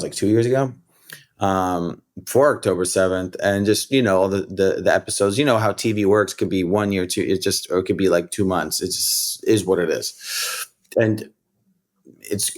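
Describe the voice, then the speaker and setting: Rambling New rapper, low voice. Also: male voice. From United States. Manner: rambling, animated, many "like" and "you know" fillers. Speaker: rapper and comedian, podcast guest. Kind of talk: casual storytelling interview.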